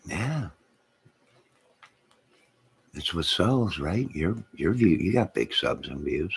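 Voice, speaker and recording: A man's voice: sits low, sing-song, takes it slowly, vocal fry, husky. A man hosting his own channel, rambling to his live chat, reading out comments and laughing to himself. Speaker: channel host.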